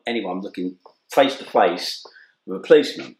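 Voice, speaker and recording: A man's voice: medium pitch, a little fast. A middle-aged man telling an anecdote in casual conversation, acting out the dialogue and laughing often. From England. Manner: animated storyteller, acts out dialogue, laughs often. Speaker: interview guest. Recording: echoey room.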